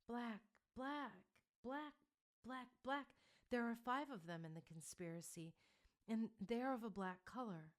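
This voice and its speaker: A woman voicing a young female priestess who answers in a halting trance. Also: mid-range voice, little pitch movement, a little mellow, pitched above the performer's own voice, lightly acted. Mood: entranced.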